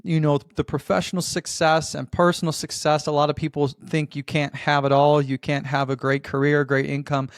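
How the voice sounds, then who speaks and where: A man's voice: on the high side, moderate pace, few pauses, clear, resonant tone, dry recording, clean studio sound. Emphatic male podcast host. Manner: energetic, emphatic delivery. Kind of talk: scripted intro and interview.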